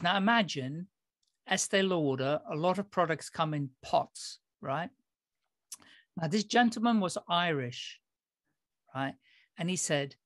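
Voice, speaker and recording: A man's voice: on the high side, expressive, measured pace, long pauses, fairly bright tone, no room sound, studio quality. A middle-aged man from the Netherlands, hosting a podcast and telling stories in a chatty way, laughing often. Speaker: podcast host. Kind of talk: casual interview chat.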